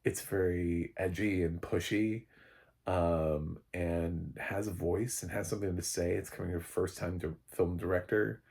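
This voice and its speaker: Low raspy guy doing a chill movie review, kinda rambly, lots of false starts. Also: steady tone, a little slow, darkish tone. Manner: rambling, restarts sentences, chuckles often. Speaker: film reviewer. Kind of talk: casual spoken movie review.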